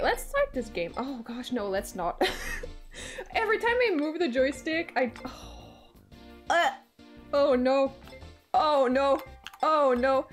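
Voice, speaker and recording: A young woman streaming a game, chatting playfully with viewers and often breaking into giggles. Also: fairly high pitch. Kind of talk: casual game-stream chat.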